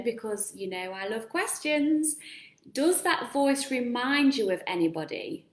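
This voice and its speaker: Frank woman coaching, roomy echo. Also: fairly high pitch. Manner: direct, asks the viewer questions, casual swearing. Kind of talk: live-streamed motivational talk.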